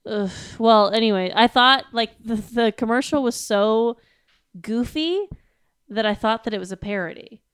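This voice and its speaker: A woman's voice: fairly high pitch, moderate pace, fairly bright tone, smooth, no room sound, studio quality. A woman chatting casually as a podcast co-host, wry and blunt, swearing casually and laughing often. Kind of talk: casual chat.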